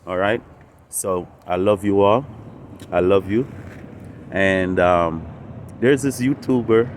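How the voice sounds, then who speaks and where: A man's voice: low voice, slow, slight background noise. A man hosting a spiritual channel, talking unscripted and meandering, often repeating and restarting phrases. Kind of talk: unscripted casual monologue.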